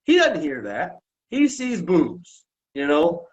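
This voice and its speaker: A man tells wrestling stories on a podcast, swearing freely and acting out the people in them. His voice sits fairly high and his pitch jumps around a lot. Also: takes it slowly, lo-fi sound. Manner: profane, animated storyteller who acts out quotes. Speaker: podcast guest, former wrestler and referee. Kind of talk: casual storytelling on a podcast.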